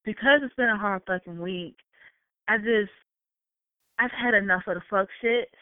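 A woman telling a work story in casual chat, animated and laughing, with frequent swearing. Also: mid-range voice, moderate pace, dry recording. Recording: tinny phone-like line.

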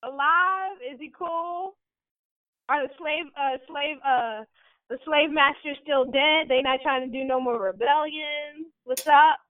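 A woman chatting casually about a TV show, animated, laughing and acting out quotes. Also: high voice, a little slow, dry recording. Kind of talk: casual chat. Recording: tinny phone-like line.

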